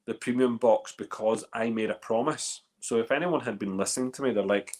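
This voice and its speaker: A man's voice: on the low side, a little fast. Rambling Northern Irish man hosting a tasting. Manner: chatty, rambling, lots of fillers and restarts. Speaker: host of a whiskey tasting. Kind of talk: casual live-stream chat.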